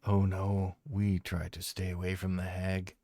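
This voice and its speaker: A man's voice: low voice, completely flat delivery, measured pace, dark tone, no echo, studio quality. A man voicing friendly talking trees.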